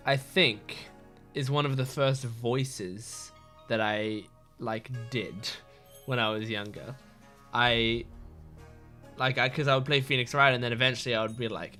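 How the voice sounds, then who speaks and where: Chatty young man with a bright voice. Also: medium pitch. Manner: chatty, rambling, many "like"s. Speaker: let's play host. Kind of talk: casual game commentary and reading dialogue aloud. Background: faint game music.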